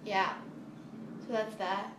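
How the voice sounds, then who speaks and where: A woman's voice: medium pitch, little pitch movement, slow pace, a bit bright. A young woman from the United States chatting casually through a Q&A vlog, rambling with giggly asides, filmed on a phone propped on a table. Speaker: model horse YouTuber. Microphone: phone camera propped on a table. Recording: echoey room, faint background hiss.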